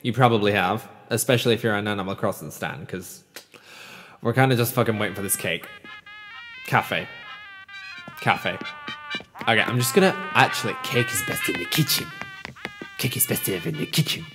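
Man, let's play host, sweary, animated, wildly varied pitch, game music behind. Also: normal speed, long pauses, big-room sound. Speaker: gaming channel host.

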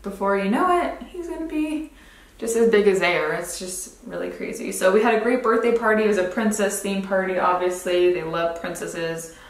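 A young woman, a beauty vlogger, chatting casually through a makeup routine, rambling with lots of "like" and "um". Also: medium pitch. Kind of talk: casual makeup tutorial chat. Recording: roomy echo.

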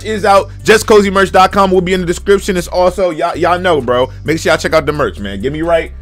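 A young man reacting live to a video, excitable and shouting at the screen. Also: sits high, brisk, soft background music. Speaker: reaction streamer.

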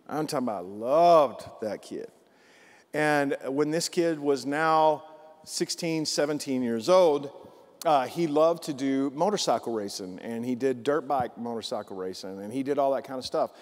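A man's voice: medium pitch, moderate pace. Preacher guy telling a story from the pulpit, keeps saying "right?", long church echo. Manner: animated, repeats phrases for emphasis, asks the crowd "right?". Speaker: pastor. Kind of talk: sermon storytelling. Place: church sanctuary. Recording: long church hall reverb.

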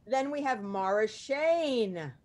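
Chatty higher-voiced woman hosting. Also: animated, a little mellow, slight background noise. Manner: chatty, lots of ums, quick asides. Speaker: podcast host and producer. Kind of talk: casual panel chat.

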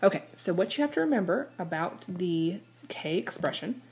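A woman teacher explaining a chemistry problem step by step, slowing down to spell out equations and numbers. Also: lowish voice. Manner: steady step-by-step explaining, slows down to read out equations. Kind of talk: recorded classroom lesson.

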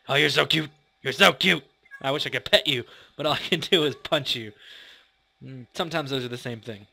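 A gaming channel host with a slightly high, bright voice and a forceful tone does casual gameplay commentary. He's playful and chatty, laughs often, and talks to the creatures in his game.

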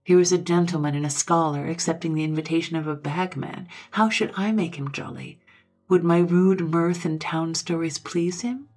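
A woman with a low, husky voice reads an old Victorian ghost story aloud. Her telling is measured and steady, lifting gently to stress a phrase now and then. The voice stays breathy and deep throughout. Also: soft background music. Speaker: audiobook narrator.

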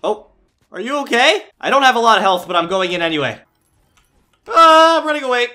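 A man's voice: very high-pitched, sing-song, fast, bright, forceful tone, soft background music. A young man giving playful gameplay commentary, yelping and squealing when something startles him. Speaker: gaming YouTuber.

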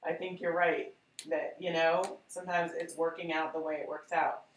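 A woman's voice: sits low, level tone, moderate pace, reverberant, a little hiss or hum, low-quality recording. A woman teaching a live painting class, chatty and encouraging as she talks to her viewers. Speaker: art instructor.

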